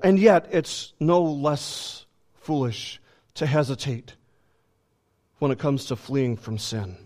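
A man's voice: medium pitch, animated, slow, a little mellow. A man preaching a sermon with emphasis, often repeating words as he builds a point.

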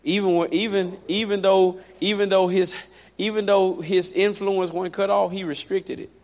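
A man preaching a sermon, animated and repetitive, with playful asides. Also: high-pitched, normal speed. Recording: dull lo-fi recording.

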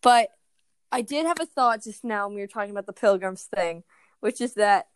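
Opinionated young woman, smooth dry voice. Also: mid-range voice, brisk, no echo. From Maryland. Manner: animated, opinionated, frequent likes. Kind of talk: casual chat.

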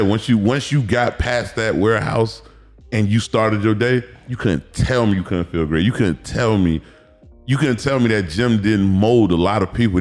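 A man in his thirties from Miami, a former pro football player, telling stories as a podcast guest in a loose, animated way, acting out quotes and swearing freely. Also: lowish voice. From Miami, Florida. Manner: animated, acts out quotes, profanity, repeats words. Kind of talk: casual storytelling interview.

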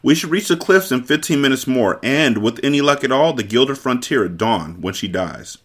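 A man's voice: medium pitch, expressive, normal speed, fairly bright tone, slightly rough, voice pushed up. A man voicing a conceited, scheming Sicilian kidnapper in a storybook reading, talking in a smug, bossy way.

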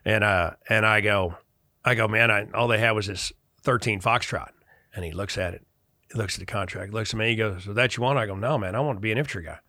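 Brief: middle-aged man from Chicago, bright voice, dry close sound, lively storyteller. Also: fairly low pitch, fast, dry recording. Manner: animated, acts out quoted dialogue. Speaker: guest. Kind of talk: casual storytelling in conversation.

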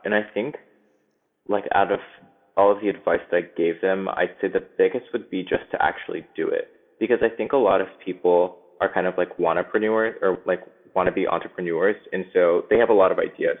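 A man's voice: low-pitched, moderate pace. A man, a guest on a podcast, giving earnest advice in casual chat. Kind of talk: casual interview. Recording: tinny phone-like line.

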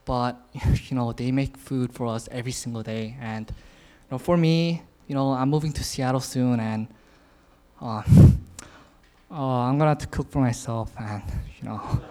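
A man in his twenties, a youth speaker, delivers an informal sermon in a mellow, mid-range voice at normal speed. His delivery is casual, packed with filler words and frequent chuckles.

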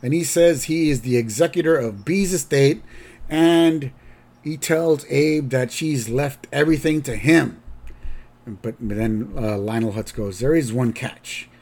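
Guy on a podcast rambling through an episode recap, mid-pitched voice, lots of restarts. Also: a little mellow. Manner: rambling, halting, with fillers and restarts. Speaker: podcast host.

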